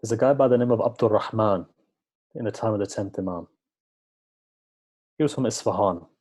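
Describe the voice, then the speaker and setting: A man speaking at a religious gathering delivers a sermon full of stories, acting out quoted dialogue and repeating points with earnest emphasis. His voice sits fairly low, a little mellow, and his delivery is brisk.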